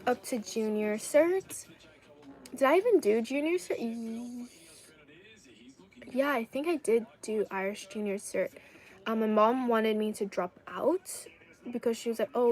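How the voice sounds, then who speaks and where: This livestreamer, a young woman from China, keeps up a loose, talkative chat while reading out what her viewers write. She speaks a little high with a somewhat dark tone, captured on a low-quality recording.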